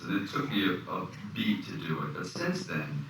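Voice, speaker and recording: A man's voice: low voice, fast talker. A man giving an interview as an actor, telling stories animatedly and acting out the quotes. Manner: animated storyteller, acts out quotes. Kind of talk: anecdotal interview storytelling. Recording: echoey room, distant mic, noisy.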